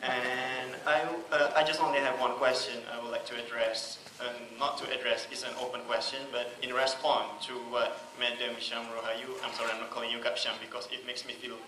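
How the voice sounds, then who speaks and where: A man's voice: medium pitch, level tone, brisk, few pauses, bright, forceful tone. A young male law student asking a polite, hesitant question from the floor of a debate. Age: young adult. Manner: hesitant, many fillers, polite. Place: large echoey hall. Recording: echoey hall with faint background noise.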